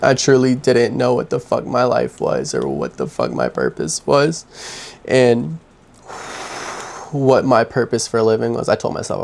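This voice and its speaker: Gravelly young man opening up. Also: medium pitch, sing-song, darkish tone, slight background noise. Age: young adult. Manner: candid, halting, heavy sighs. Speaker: vlogger. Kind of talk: personal confessional story. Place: his own home, indoors.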